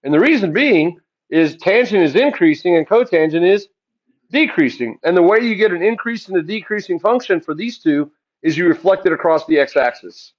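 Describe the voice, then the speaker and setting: A man teaching a math lesson, asking the class questions and answering them himself in a relaxed, chatty way. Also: high voice, moderate pace, lo-fi sound. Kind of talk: classroom lecture.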